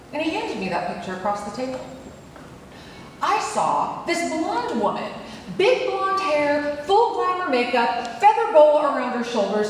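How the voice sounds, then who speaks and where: A woman giving a keynote speech, telling a personal story in an animated way as her voice climbs at dramatic moments. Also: high voice, a little hiss or hum. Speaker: keynote speaker. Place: large conference hall. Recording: echoey hall heard from far off.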